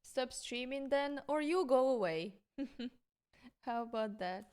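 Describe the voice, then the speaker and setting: Slow, high-voiced Ukrainian woman streamer. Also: lively intonation, a little mellow, clean tone. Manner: rambling, giggly, searches for words. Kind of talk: casual live-stream chat.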